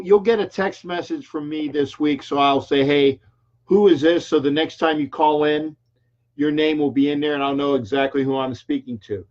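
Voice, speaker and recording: Older man hosting a call-in sports show. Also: a little high. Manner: chatty, rambling with restarts. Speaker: radio call-in show host. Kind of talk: casual call-in sports talk. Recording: dull lo-fi stream audio.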